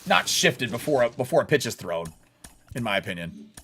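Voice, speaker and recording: Lively casual male game streamer. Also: medium pitch, brisk, slight background noise. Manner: casual, blunt, laughs often, talks to chat. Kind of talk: live gaming stream chat.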